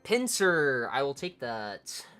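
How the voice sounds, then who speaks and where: A woman streamer giving casual, low-key commentary, murmuring card names half to herself. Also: very animated, takes it slowly, fairly bright tone, faint music behind.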